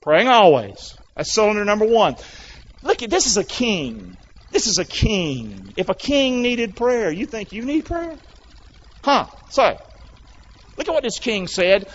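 This male pastor's voice sits high and swings widely in pitch, unhurried and a bit rough. Preaching in a church sanctuary, he coaxes the congregation into repeating phrases back to him, captured in dull lo-fi sound.

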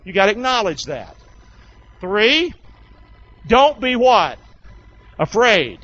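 A man's voice: high-pitched, big pitch swings, takes it slowly, pushed and bright, lo-fi sound. A pastor preaching a sermon to his congregation, asking them questions and having them repeat words back. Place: church hall with congregation.

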